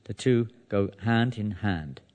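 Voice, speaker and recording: Low-voiced male preacher, conversational. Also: slow pace, darkish tone, muffled recording. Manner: conversational, with frequent restarts and "you know". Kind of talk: devotional sermon with scripture reading.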